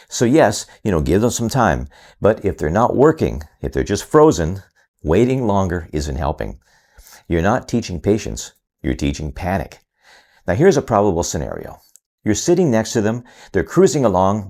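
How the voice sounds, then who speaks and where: A man explaining to parents how to help a child who gets stuck while reading, calmly sounding out words slowly as he demonstrates. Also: low-pitched. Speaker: reading instructor. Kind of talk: instructional talk to parents.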